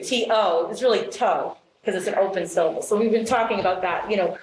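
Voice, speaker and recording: A woman reading specialist walks a group through a phonics routine, encouraging and quick with praise. Her voice sits a little high. The room echoes, with a faint hiss behind her. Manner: upbeat, encouraging, frequent praise. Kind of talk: classroom lesson demonstration.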